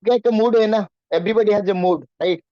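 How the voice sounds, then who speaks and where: A man's voice: high voice, racing, no echo, dull audio. A man teaching in an online class, often asking his students questions. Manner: repetitive, questioning students, acts out nervous voices. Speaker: English teacher.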